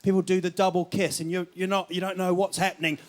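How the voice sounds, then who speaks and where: A man's voice: high voice, flat delivery, fast. A man from New Zealand with his accent, doing rambling stand-up with laughs and silly voices. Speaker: stand-up comedian. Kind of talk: stand-up comedy. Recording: noisy stage recording.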